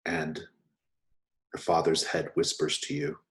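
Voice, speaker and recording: A man narrating as game master of a tabletop game, relaxed and quick to laugh. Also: a bass voice. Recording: roomy echo.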